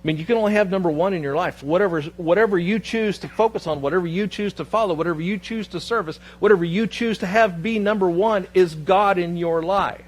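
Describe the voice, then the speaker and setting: A man preaching a sermon as pastor, telling a personal story with lively quoted dialogue before turning to scripture. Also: sits high, quick pace, hardly any pauses. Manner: storytelling, animated, quoting others in his anecdotes. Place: church sanctuary.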